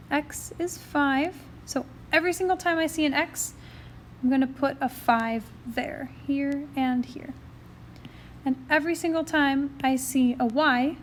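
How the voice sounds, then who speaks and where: A high-voiced woman math teacher has the hiccups while narrating a recorded lesson. Chatty and upbeat, she explains each step as she works through it, with a slight hiss or hum on the recording.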